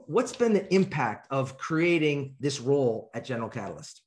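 A man hosting a podcast, asking quick follow-up questions and cutting in on his guest. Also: mid-range voice, sing-song, darkish tone. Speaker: podcast host. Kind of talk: interview questions.

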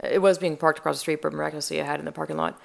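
Woman host, low voice with a gravelly fry, loose rambling profane storyteller. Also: steady tone, very fast. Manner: rambling, profane, full of fillers and restarts. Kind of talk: casual chat.

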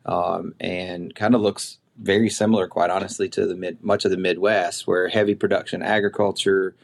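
Southern man, deep gravelly voice, relaxed podcast guest. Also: moderate pace. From Tennessee. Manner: relaxed, drawling, with many fillers. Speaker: podcast guest, conservation biologist. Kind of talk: casual remote interview chat. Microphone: remote call.

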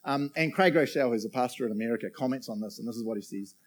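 A man's voice: mid-range voice, rapid-fire. Chatty joking male preacher. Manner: chatty and jokey, keeps checking in with the crowd. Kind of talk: casual sermon.

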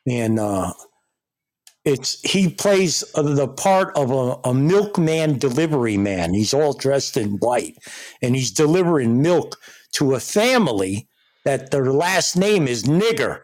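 A man's voice: medium pitch, very animated, slow pace, darkish tone. A man hosting a casual chat, telling rambling, profane stories. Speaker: host.

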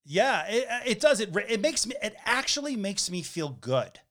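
A male podcast host with a slightly higher voice than most men. He is chatty and emphatic, and he shares his own feelings as he asks his questions. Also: very animated, moderate pace, bright, forceful tone. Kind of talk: casual interview.

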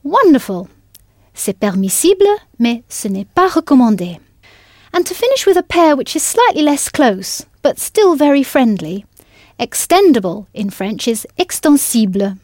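A woman leads a scripted audio lesson in a patient, encouraging way. Her voice sits a little high and is recorded close and dry, with no room sound. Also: darkish tone, no echo. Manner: patient, encouraging, spells words letter by letter. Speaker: language teacher.

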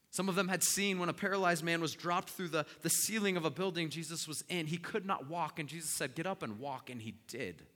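A male pastor delivers a sermon in a bright, forceful voice, telling the story dramatically as he swings from loud passages to hushed ones. His words ring through a church sanctuary with a long, echoing reverb. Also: on the high side.

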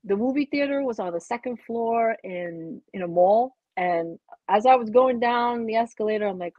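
A woman with a New York accent, a guest on a podcast in casual chat, earnest and quick to laugh. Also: a little high, no echo, dull audio. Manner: warm, earnest, laughs easily.

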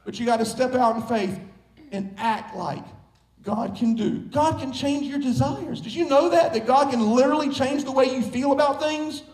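A man preaching a sermon as pastor, emphatic and building up to shouts. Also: extremely high pitch, normal speed. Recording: echoey room.

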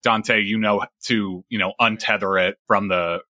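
A man narrates a tabletop game as its game master, his voice a little low yet bright and forward. He talks loosely with plenty of fillers and restarts, recorded close and dry. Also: fairly even intonation, measured pace, no room sound.

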